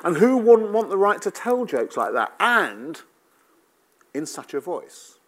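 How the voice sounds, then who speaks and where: A man's voice: high voice, slow. A middle-aged English man with a light London lilt, telling wry personal stories and jokes to an audience. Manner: wry, animated storytelling with joke delivery. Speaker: speaker giving a talk. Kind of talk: storytelling talk to an audience.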